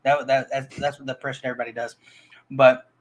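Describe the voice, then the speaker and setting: A man's voice: medium pitch, level tone, quick pace, rough recording. A man reviewing movies in a casual, rambling chat, full of restarts and fillers.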